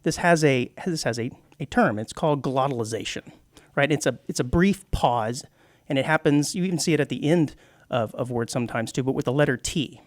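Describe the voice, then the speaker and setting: A man's voice: mid-range voice, fairly quick, dry recording, studio quality. A man co-hosting a radio show, explaining at length in casual chat with many restarts. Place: radio studio.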